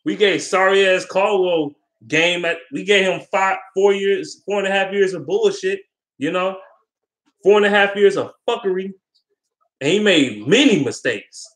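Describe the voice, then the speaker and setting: A man's voice: sits high, moderate pace, fairly bright tone. A young man in a casual, heated sports rant, swearing a lot and rambling between points. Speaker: sports fan vlogger.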